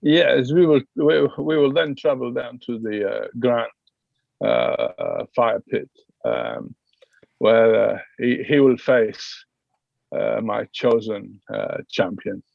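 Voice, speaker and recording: A man voicing a pompous, hesitant duke who speaks haltingly. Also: mid-range voice, vocal fry, no room sound, narrow, tinny audio, voice pushed down, heavily acted. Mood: haughty. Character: pompous foreign-accented duke, male, middle-aged.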